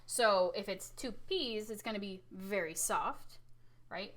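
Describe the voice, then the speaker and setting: A young woman teaches a music lesson in a relaxed, talky way. She ends many lines with "right?" and acts out loud and soft levels with her own voice, jumping from near shouts to quiet tones. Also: medium pitch, measured pace. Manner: animated, demonstrates loud and soft with her voice, says "right?" often. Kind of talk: casual recorded lesson.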